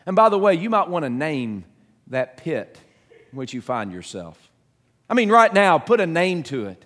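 A middle-aged man preaches a sermon in an earnest, halting way, restarting his phrases and putting questions to the listeners. His voice sits high for a man. A long reverb from the hall trails each phrase. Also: sing-song, fairly bright tone. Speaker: pastor.

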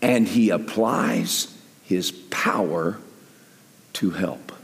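Animated older male preacher in a hall. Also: low-pitched, extremely slow, gravelly. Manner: animated, swings from quiet to loud emphasis. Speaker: pastor. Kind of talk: sermon. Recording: echoey hall with long reverb.

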